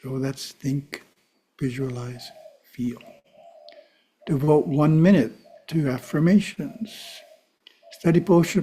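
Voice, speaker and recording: Mellow, husky-voiced man teaching calmly. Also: a little high. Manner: calm, measured, asides to the listeners. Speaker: spiritual teacher. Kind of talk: teaching talk to a live audience.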